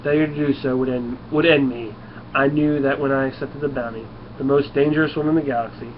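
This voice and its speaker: A man reading out the lines of a coolly polite male alien bounty hunter in a measured, formal way, recorded a little dull with faint noise. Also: medium pitch, steady tone, natural voice.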